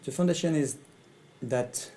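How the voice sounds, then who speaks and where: A middle-aged man from France with a French accent, a coach speaking in halting English and often repeating his phrases. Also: a little high, warm tone, rough recording. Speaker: coach and facilitator. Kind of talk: speaking to camera about his training.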